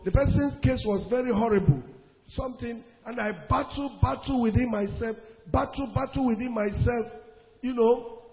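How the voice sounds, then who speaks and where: A Nigerian pastor preaching with a high, emphatic voice that swings between loud bursts and hushed asides, repeating his lines for weight. The sound is dull and lo-fi, with a long reverb trailing off the hall. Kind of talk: sermon.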